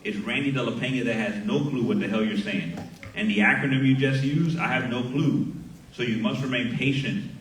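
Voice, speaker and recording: A middle-aged sergeant major from Miami giving a graduation speech at a ceremony, speaking into a podium microphone and telling a story with lively acted dialogue. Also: male voice, mid-range voice, a little fast. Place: large hall at a graduation ceremony. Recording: echoey hall heard from far off.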